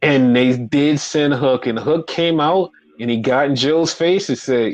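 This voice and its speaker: Animated man recapping wrestling. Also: medium pitch, moderate pace. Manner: animated, swears freely, acts out quotes. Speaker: podcast co-host. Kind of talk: casual wrestling recap chat.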